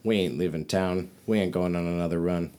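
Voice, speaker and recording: A man voicing a gruff, folksy woman caravan trader who drawls and grumbles. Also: sits low, steady tone, brisk, warm tone, natural voice. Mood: grumbling.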